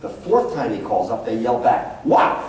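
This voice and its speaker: A man speaks as a psychologist addressing parents, warm and relaxed in tone, spinning anecdotes and acting out voices. He sounds set back from the mic in a big, roomy school hall with heavy echo and faint ambience. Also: medium pitch, moderate pace. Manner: anecdotal storytelling, acts out quotes. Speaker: psychologist giving a talk to parents. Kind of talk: public talk to an audience. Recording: echoey hall, voice from far off.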